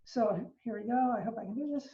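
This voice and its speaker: In a casual online talk on astronomy, an older female professor works through her ideas patiently, often stopping on fillers. She has a somewhat high, warm voice, recorded far from the microphone in a spacious living room, and the sound comes across a bit muffled and dull.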